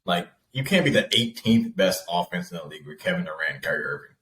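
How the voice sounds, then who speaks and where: A man's voice: deep voice, sing-song, quick pace, fairly bright tone. A man co-hosting a sports podcast, blunt and dismissive, with slangy casual talk. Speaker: podcast co-host. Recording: echoey room with faint noise.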